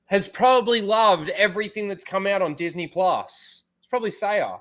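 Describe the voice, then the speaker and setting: A man's voice: sits high, lively intonation, normal speed, few pauses, a bit bright. A man hosting a casual live stream, swearing freely and mocking things in exaggerated wails. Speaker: streamer host.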